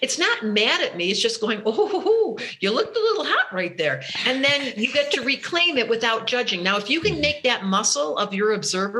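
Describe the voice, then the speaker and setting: A woman spiritual teacher talking as an interview guest, expressive, acting out her own inner voice. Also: fairly high pitch. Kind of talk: interview conversation.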